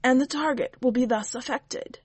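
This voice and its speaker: A woman's voice: sits high, moderate pace, slightly rough, no room sound, pitched above the performer's own voice. A woman doing a wry, patient witch. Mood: teacherly. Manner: dry, patient, teacherly. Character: wry, shrewd witch, woman, gently probing.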